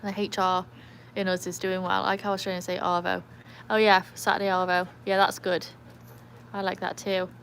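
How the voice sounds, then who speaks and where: A woman's voice: medium pitch, level tone, moderate pace, fairly bright tone, a little hiss or hum. Chatty English woman on a livestream. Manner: chatty, rambling, reads viewer comments aloud. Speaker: livestream host with a trick dog. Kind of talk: casual live-stream chat.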